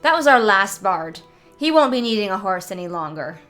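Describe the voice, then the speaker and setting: A woman's voice: mid-range voice, very animated, a bit bright, soft background music. Woman doing a drawling burly warrior man. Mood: hearty teasing. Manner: slow drawling commoner talk. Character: burly scarred northern warrior man, jovial teasing.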